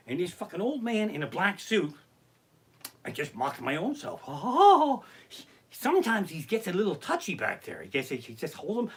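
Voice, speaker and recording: A comedian rants in a bright, animated voice, swearing constantly and sounding exasperated. His pitch swings widely as he builds each complaint. He streams the show live from his living room. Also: slightly rough. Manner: profane, ranting, exasperated. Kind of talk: live-streamed stand-up rant.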